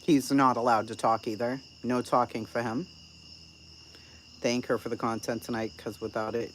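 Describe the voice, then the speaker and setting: A woman's voice: extremely low pitch, level tone, normal speed, slight background noise, rough recording. A woman chatting casually on a live stream. She is blunt and profane, swears freely, and tells a sarcastic story about an argument.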